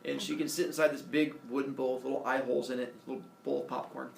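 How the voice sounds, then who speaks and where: A man casually retelling a myth with playful, animated delivery and silly character voices. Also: medium pitch, fast, gravelly. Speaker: storyteller. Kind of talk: casual oral storytelling. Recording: echoey room, mic from far off, faint noise.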